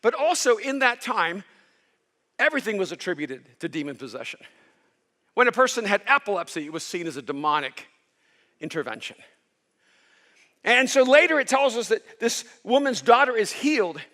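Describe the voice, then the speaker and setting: A male pastor preaching a sermon with impassioned storytelling that rises toward near-shouts. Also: high voice, very animated, normal speed, pauses often.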